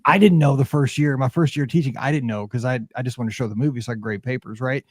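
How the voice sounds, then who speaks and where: A man hosting a podcast, chatting casually as a rambling, animated storyteller full of fillers. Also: medium pitch, fast talker, dry recording, studio quality. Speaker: podcast host.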